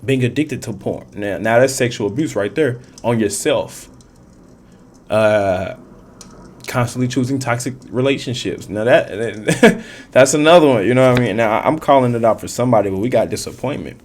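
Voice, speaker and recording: A man's voice: mid-range voice, normal speed. A man giving a casual tarot reading, rambling and repeating himself, in loose, profane street slang with frequent laughs. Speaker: tarot reader.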